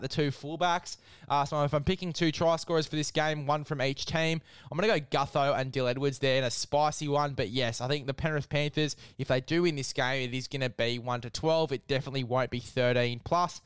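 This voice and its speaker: A man's voice: medium pitch, clear, resonant tone, no room sound. An Australian man hosting a casual sports preview podcast, blokey and chatty, calling his co-host mate and hamming up an ad read. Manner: blokey, keeps saying mate, hammy ad read.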